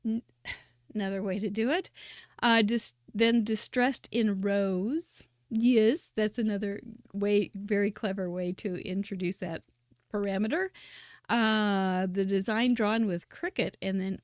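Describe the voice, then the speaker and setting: A woman hosting a live crafting show, chatting warmly and enthusiastically as she praises viewers' handmade cards. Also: medium pitch, dry recording, clean studio sound. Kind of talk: live-stream card showcase commentary.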